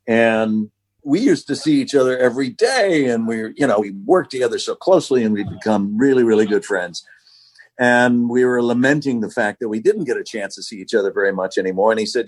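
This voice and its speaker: A man in his sixties, a podcast guest, telling stories in an easy, rambling way with plenty of restarts. His voice has a husky, slightly breathy grain at an ordinary male pitch. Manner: relaxed, anecdotal, with many restarts. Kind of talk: casual storytelling interview.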